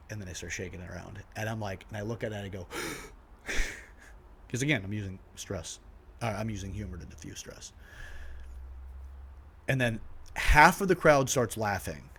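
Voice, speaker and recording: A man in his forties, a podcast host, telling a personal story in an animated way, acting out what people said and laughing at himself. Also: mid-range voice, a little hiss or hum.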